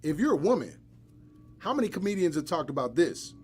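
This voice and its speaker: A man's voice: on the high side, a little fast, soft background music. A man hosting a live podcast, chatting casually and bluntly with joking asides. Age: adult, married. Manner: blunt, joking, animated storytelling. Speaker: podcast host.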